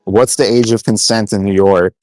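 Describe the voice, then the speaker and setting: A man's voice: on the low side, steady tone, normal speed, darkish tone, dry recording. Curt, dismissive man in a voice chat. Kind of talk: defensive voice chat argument.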